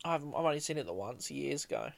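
A man's voice: on the high side, very animated, fast, gravelly. A man in casual film chat as a podcast co-host, laid-back and swearing easily.

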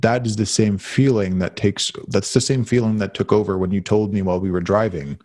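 A man in casual conversation who speaks heartfelt and halting, with stammering restarts, while concussed. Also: on the low side, steady tone, a little mellow. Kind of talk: emotional conversation.

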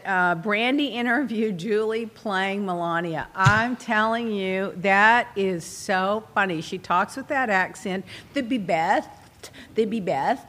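A woman hosting a talk show, telling a long, rambling personal story in casual chat and acting out her own asides. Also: medium pitch. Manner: animated, rambling, quotes herself in asides. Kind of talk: chatty storytelling monologue.

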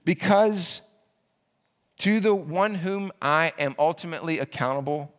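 Male pastor, earnest sermon delivery with emphatic repetition, slightly higher pitch. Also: measured pace, fairly bright tone.

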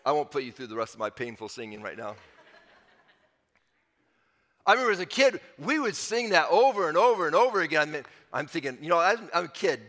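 A man delivers a sermon in an earnest, conversational way. He leans on repeated phrases and rises into emphatic swells. His voice sits high and bright for a man, with a long hall reverb trailing behind it. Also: sing-song, fast talker, few pauses. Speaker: pastor.

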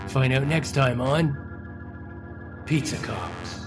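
A man's voice: mid-range voice, very slow, over music. A man narrating a comedy sketch as its announcer, dry and matter-of-fact.

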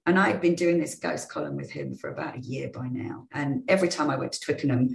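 Gravelly woman telling stories. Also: very deep voice, fast talker, reverberant, rough recording. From England. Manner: lively storytelling with restarts. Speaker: guest, former rugby player and sports journalist. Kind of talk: casual anecdotal interview.

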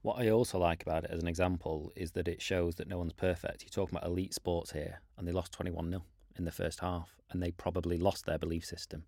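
A man hosting a business podcast, calmly reflecting on and summing up what his guest said. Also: low-pitched, quick pace, creaky, hardly any pauses, no room sound, clean studio sound. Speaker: managing director, podcast host. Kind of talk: casual podcast conversation.

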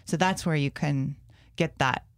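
A woman's voice: low-pitched, a little slow, no room sound, clean studio sound. A woman, a homeschool mom and classroom teacher, talking earnestly in a casual conversation and thinking aloud as she goes.

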